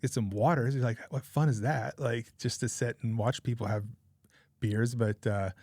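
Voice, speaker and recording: A man's voice: medium pitch, steady tone, normal speed, darkish tone, no room sound, studio quality. A man in his forties, a podcast guest, telling a rambling personal anecdote in a casual, chatty way. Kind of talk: casual storytelling.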